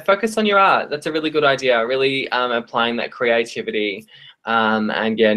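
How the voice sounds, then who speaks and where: Live-streaming card readings to her viewers, an Australian tarot reader keeps things friendly and chatty, often pausing on "um" and starting phrases over. The voice is mid-range with a fairly bright tone.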